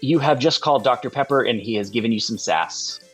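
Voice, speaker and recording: A man narrating as game master of a tabletop game, lively and playful. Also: medium pitch, fairly quick, breathy edge, faint music behind.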